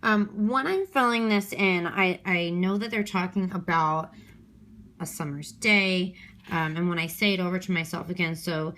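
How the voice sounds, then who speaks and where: A woman's voice: fairly low pitch, measured pace, pushed and bright. A woman teacher recording an extra help lesson on her handheld phone, thinking aloud step by step with many ums and okays.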